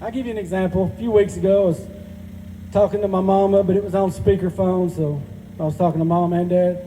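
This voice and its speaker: Speaking at a quick pace in a high, steady, mellow voice, a Southern comic in his forties with a rural Georgia drawl runs through crude, self-deprecating material. The set was recorded in an echoing hall at a live benefit, with slight background noise.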